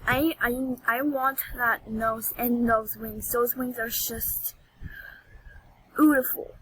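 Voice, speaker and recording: Woman vlogger, high voice, unhurried delivery; theatrical, excitable gameplay commentary. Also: husky, low-quality recording. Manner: dramatic, squeals and whines over items. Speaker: gaming vlogger.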